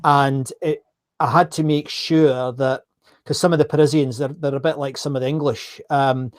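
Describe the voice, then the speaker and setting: A man with a Scottish accent hosting a live online interview, chatty and quick to laugh, often repeating his words. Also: medium pitch, steady tone. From Scotland. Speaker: host.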